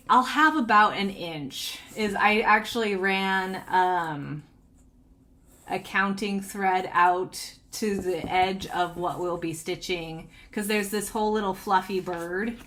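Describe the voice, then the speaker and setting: A woman's voice: medium pitch, fairly bright tone. A woman chatting casually about her cross-stitch projects, bubbly and giggly, rambling with restarts. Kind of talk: casual chatty show-and-tell.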